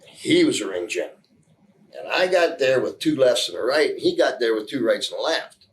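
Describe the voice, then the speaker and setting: A pro wrestler in a casual interview, speaking in a wry, joking way. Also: male voice, mid-range voice, big pitch swings, fairly quick, rough recording.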